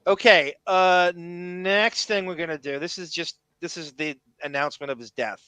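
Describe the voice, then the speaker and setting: A man's voice: a little high, fairly even intonation, moderate pace, pushed and bright, clear, resonant tone, dry recording. A man hosting a podcast, talking in an enthusiastic, rambling way with frequent restarts. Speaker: podcast host. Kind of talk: casual chat.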